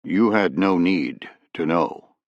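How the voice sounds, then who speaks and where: A man voicing a calm, authoritative male president who placates and explains. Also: low-pitched, no echo, highs cut off. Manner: measured, placating.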